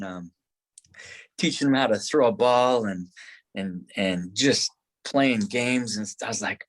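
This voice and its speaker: Male podcast guest, mid-range voice, loose and heartfelt storyteller who stumbles and restarts often. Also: medium pitch. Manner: rambling, many restarts, acts out his own past words; grows excited and tearful in the telling. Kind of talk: emotional personal storytelling.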